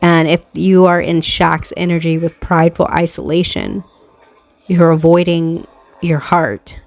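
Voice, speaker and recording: A woman doing a casual tarot card reading, reading slowly from a card book and then ranting with heavy swearing. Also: on the low side, fairly even intonation, gravelly, no echo. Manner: profane, heated ranting with bursts of laughter; slow, deliberate reading aloud.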